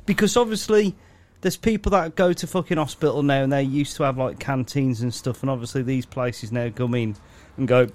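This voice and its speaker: A man's voice: medium pitch, brisk, few pauses, darkish tone. A man, teasing his co-host and swearing in casual banter. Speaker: podcast co-host.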